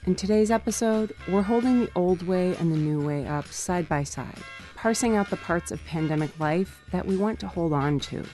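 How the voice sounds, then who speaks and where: A woman hosting a podcast, giving a clear, measured scripted introduction. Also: fairly low pitch, warm tone, faint music behind. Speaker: podcast host.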